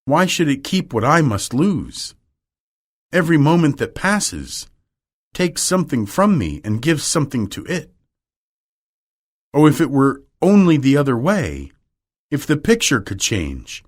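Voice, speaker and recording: A man's voice: medium pitch, husky, voice pushed up. A man reading aloud and voicing a vain young man in despair, speaking in a pleading, emotional way.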